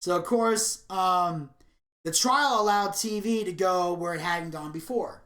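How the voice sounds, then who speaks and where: A woman's voice: fairly low pitch, unhurried, fairly bright tone. A woman co-hosting a podcast, telling rambling, profane stories in casual chat. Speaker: podcast co-host. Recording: roomy echo.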